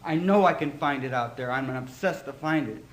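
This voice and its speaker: A man giving a personal testimony at a recovery meeting, telling his story with animated emotion in front of an audience that laughs along. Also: medium pitch, moderate pace. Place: meeting hall before an audience. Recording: echoey hall, faint room noise.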